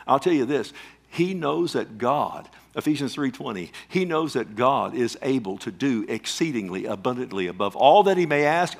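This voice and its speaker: A man preaching a sermon, emphatic, calling out questions to the congregation and swinging between loud swells and quiet drops. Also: medium pitch. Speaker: pastor.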